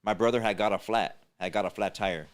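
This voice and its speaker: Low, smooth-voiced LA man. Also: steady tone, a little fast. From East Los Angeles. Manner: rambling, many fillers and restarts, slang. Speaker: podcast host. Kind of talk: casual storytelling chat.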